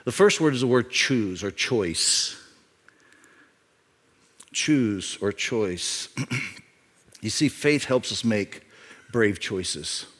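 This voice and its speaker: A middle-aged man preaching a sermon as a pastor, emphatic, repeating key phrases and swinging between loud and quiet. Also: fairly low pitch, lively intonation, extremely slow, pauses often. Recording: reverb of a large hall.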